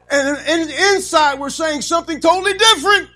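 A male preacher delivering a lively sermon, calling for amens from the congregation. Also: extremely high pitch, moderate pace, few pauses, faint music behind, poor audio. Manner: call-and-response, animated, frequent amens.

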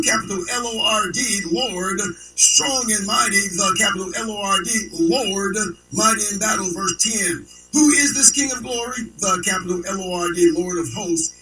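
A man's voice: high voice, bright, forceful tone, recorded from a distance, low-quality recording. A man preaching a sermon in an emphatic call-and-response style, quizzing the congregation and spelling words out letter by letter.

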